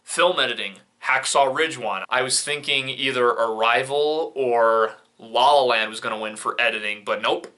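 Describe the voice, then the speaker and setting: A young man talking through film award results in a casual commentary. His voice is very bright and forward, and he drops sarcastic, opinionated remarks as he goes. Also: medium pitch, moderate pace, hardly any pauses. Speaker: film reviewer.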